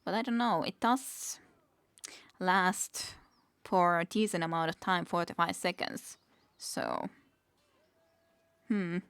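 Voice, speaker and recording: A woman's voice: lowish voice, slow pace, long pauses, fairly bright tone, clean tone, no room sound. A woman streaming a game, musing aloud, reading the game text and chuckling often in casual commentary. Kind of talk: casual let's-play commentary.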